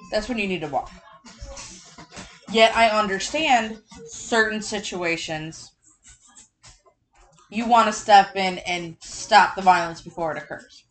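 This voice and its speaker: A woman's voice: medium pitch, rough recording. A woman and parent in casual chat, outspoken and profane.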